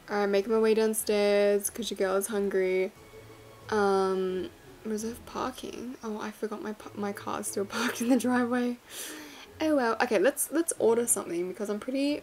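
Speaking in a mid-range voice at a moderate pace, this gaming vlogger keeps up light, joking commentary on her own play. Quiet music sits under her chatty, self-deprecating talk as she plays a game casually.

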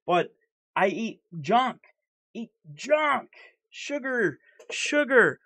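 A man's voice: extremely high pitch, big pitch swings, drawn-out words, fairly bright tone. A man in a candid personal vlog, talking earnestly and heatedly, stuttering and repeating himself. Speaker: vlogger.

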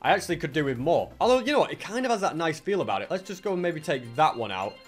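A young man giving casual gameplay commentary, chatty and excitable, thinking aloud as he plays. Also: on the high side, rapid-fire, soft background music. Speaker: gaming channel host.

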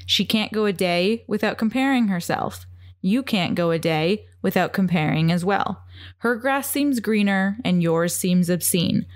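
A woman's voice: medium pitch, lively intonation, a little slow, no room sound, studio quality. A young woman co-hosting a podcast, chatting casually in a playful, giggly way with lots of "like"s. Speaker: podcast co-host. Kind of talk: casual chat.

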